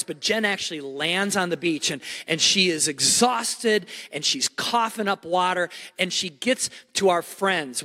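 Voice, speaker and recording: Middle-aged male pastor, emphatic storyteller; bright, forward tone in a reverberant hall. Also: sits high. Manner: animated, repetitive restarts, emphatic. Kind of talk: sermon storytelling.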